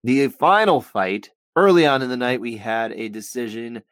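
A man co-hosting a podcast, talking through scores in a measured way, thinking out loud with frequent restarts. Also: mid-range voice, animated, dry recording. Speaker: podcast co-host. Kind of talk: casual podcast chat about fight scoring.

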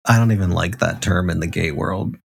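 A man's voice: low-pitched, a little fast, vocal fry, slightly rough. A middle-aged man co-hosting a podcast, brash and profane, laughing often in casual chat. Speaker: podcast co-host.

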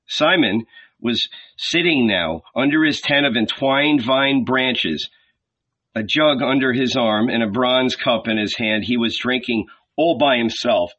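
A man narrating a novel aloud in a slow, measured reading with many pauses. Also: medium pitch, fairly bright tone, breathy edge. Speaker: audiobook reader. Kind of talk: scripted literary narration. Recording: dull lo-fi recording.

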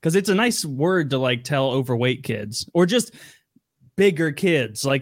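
A man's voice: a little high, expressive, moderate pace, no room sound, clean studio sound. A man in casual podcast chat, joking and chiming in with frequent "like" fillers. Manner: jokey, laughing interjections, many fillers.

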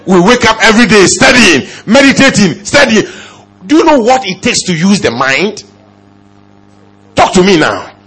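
A male pastor preaching a sermon, firing off rhetorical questions and swinging from low murmurs to loud exclamations. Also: sing-song, moderate pace, breathy edge.

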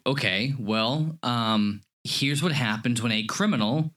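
A man in his thirties co-hosting a casual movie review podcast, telling stories with animated energy and frequent laughs. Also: mid-range voice, unhurried. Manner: animated storytelling, laughs often. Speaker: podcast co-host. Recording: lo-fi podcast audio.

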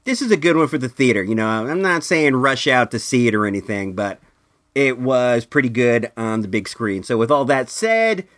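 A man in his thirties hosts a casual podcast in a loose, rambling style. His voice sits at an ordinary mid pitch, and he fills his talk with likes and you-knows, getting more animated when he tells a story. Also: normal speed. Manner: rambling, animated when telling stories, filler-heavy. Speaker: podcast host and movie reviewer. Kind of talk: casual comedic storytelling and review.

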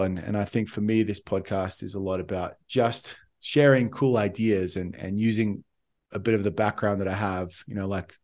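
Low-voiced Australian man in his forties. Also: steady tone, normal speed, darkish tone. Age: 40s. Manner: rambling, reflective, with frequent restarts. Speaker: podcast co-host. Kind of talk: casual conversation.

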